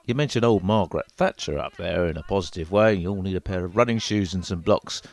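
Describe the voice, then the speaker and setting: A man narrating a mock documentary in a deadpan, jokey way. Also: low-pitched, a little fast. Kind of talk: scripted narration.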